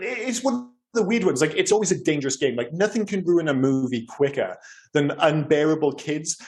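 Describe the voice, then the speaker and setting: Animated rambling man, podcast co-host. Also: a little high. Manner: rambling, animated, swears casually. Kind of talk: casual chat.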